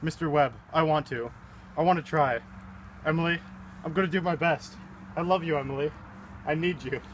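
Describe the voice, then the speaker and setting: A man playing an earnest young man about to marry, speaking in a halting, sincere way in an amateur stage play. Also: a little high, natural voice. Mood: tender. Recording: noisy with traffic behind.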